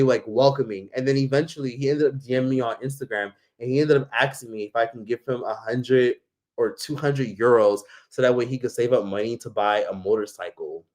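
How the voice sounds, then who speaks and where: A man's voice: mid-range voice, darkish tone. A man telling a travel story in a casual, rambling way, full of fillers and swearing. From United States. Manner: rambling, heavy on fillers and profanity. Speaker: travel vlogger.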